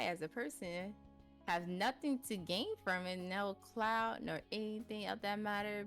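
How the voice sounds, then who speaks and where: A woman's voice: fairly low pitch, a bit bright. A woman guest in a casual chat, rambling with lots of fillers and frequent laughs, on a streaming mic at home. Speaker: interview guest, VTuber.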